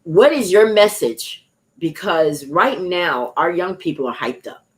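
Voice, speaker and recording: Woman host, low-pitched, preachy and encouraging delivery, chatty emphasis. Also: animated, a little slow. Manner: declaring, encouraging, laughing asides. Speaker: talk show host.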